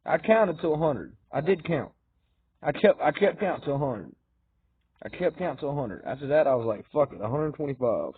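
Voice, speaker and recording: Man, rambling and repetitive, fervent, raised voice, husky, tinny lo-fi sound. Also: fairly high pitch, expressive, normal speed, dry recording. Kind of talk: rambling monologue to camera. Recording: tinny phone-like dry recording.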